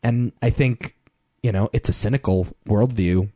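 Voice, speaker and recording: A man's voice: fairly low pitch, moderate pace, dark tone, no echo, clean studio sound. A man co-hosting a casual film podcast, talking in an emphatic, opinionated way. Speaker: podcast co-host.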